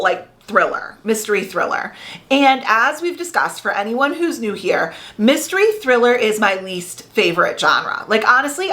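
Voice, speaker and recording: A woman's voice: mid-range voice, a bit bright. A woman in her thirties chatting casually in a reading vlog, with lots of filler words and restarts. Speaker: book vlogger.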